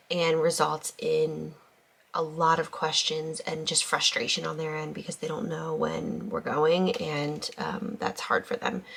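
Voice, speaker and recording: A woman in her thirties chats to the camera at home as a family vlogger, her voice sitting a touch low. She gushes over little things and talks easily, now and then turning to her kids. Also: creaky, a bit bright. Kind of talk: casual vlog chat.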